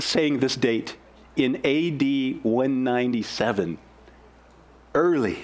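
A young man preaching a sermon in an earnest, animated way, with sudden swings in pitch and pace. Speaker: pastor.

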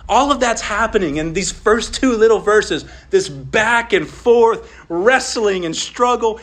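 Man, pastor, sermon, high voice, earnest, rises on pleas, drops low on asides. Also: animated, unhurried, hardly any pauses. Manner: earnest preaching, voice rising on quoted pleas and dropping low on asides.

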